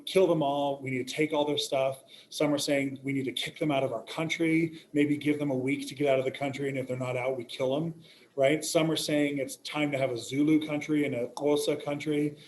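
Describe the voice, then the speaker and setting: A male teacher lecturing a class, joking and checking in with "right?" and "okay?", recorded from a distance in a classroom. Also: mid-range voice. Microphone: recording device some distance away. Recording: roomy classroom echo, faint hum.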